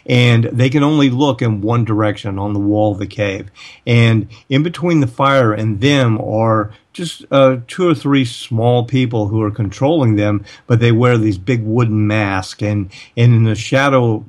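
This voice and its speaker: A man's voice: lowish voice, moderate pace, darkish tone. A middle-aged man hosting a talk radio show, rambling in casual conversation, stumbling over repeated words and acting out quoted dialogue. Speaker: radio host.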